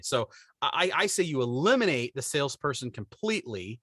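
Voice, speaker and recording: A middle-aged man co-hosting a podcast, telling animated stories in casual chat and acting out the people he quotes. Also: on the high side, brisk, no echo, studio quality. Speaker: podcast co-host.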